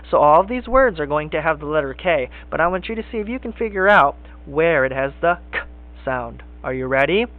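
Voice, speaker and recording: A man teaching a kindergarten phonics lesson, speaking slowly and encouragingly in sing-song teacher talk. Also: a little high. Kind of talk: recorded classroom phonics lesson. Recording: tinny phone-like lo-fi sound.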